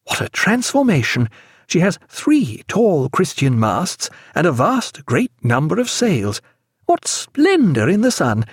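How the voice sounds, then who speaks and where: A learned ship's doctor, played by a male reader, formal and easily carried away with wonder. His pitch leaps about widely. The sound is close and dry. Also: wildly swooping pitch, a little fast, hardly any pauses, slightly rough, no echo, exaggerated voice.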